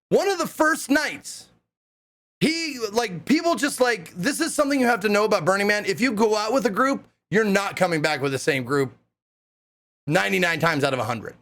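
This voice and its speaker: A young man casually telling stories to a live chat, rambling and swearing with lots of fillers. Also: sits high. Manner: excitable, profane, rambling with many fillers. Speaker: live streamer.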